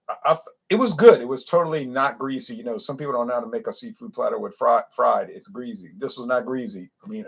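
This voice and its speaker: Casting: man with a Louisiana accent, mid-pitched, blunt and opinionated, casual rambling vlog review. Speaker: beer reviewer.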